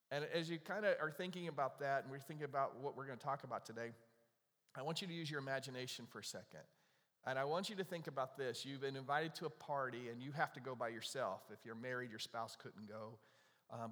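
Conversational man preaching in a reverberant hall. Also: mid-range voice. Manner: conversational, lively storytelling with asides and laughs. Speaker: pastor. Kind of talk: sermon. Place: church sanctuary.

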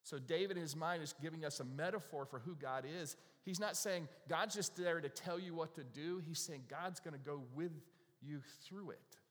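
A pastor giving an animated, conversational sermon, restarting words as he goes. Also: a little high, moderate pace, few pauses. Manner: animated, conversational preaching with repeated starts. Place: church sanctuary. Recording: echoey hall reverb.

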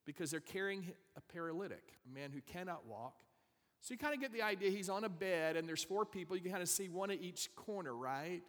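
A man preaches a Bible lesson, his voice slightly higher than most men's and ringing with a long hall reverb. He walks through the verses, pausing to talk straight to his listeners with casual asides. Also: lively intonation, a bit bright. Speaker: pastor. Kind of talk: sermon.

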